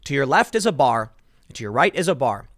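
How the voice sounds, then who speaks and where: A man giving opinionated, sarcastic commentary for his vlog in an emphatic, animated way. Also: mid-range voice, brisk, no echo. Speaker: political commentator. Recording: dry close-mic sound.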